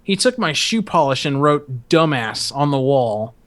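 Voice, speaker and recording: A man's voice: medium pitch, big pitch swings, moderate pace, fairly bright tone. A young man hosting a podcast and telling a story in a casual, profane, rambling way, often laughing. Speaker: podcast host.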